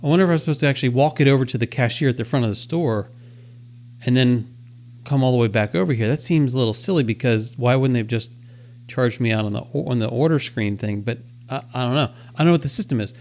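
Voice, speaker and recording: A man's voice: medium pitch, fast talker, darkish tone. A man co-hosting a podcast, telling a self-deprecating story in casual chat and acting out his own thoughts as he goes. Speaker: podcast co-host.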